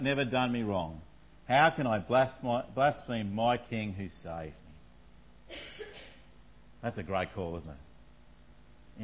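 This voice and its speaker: A husky, lowish male voice comes through a rough recording as he preaches conversationally. Between readings of scripture, he asks the congregation questions, and his speech is thick with fillers.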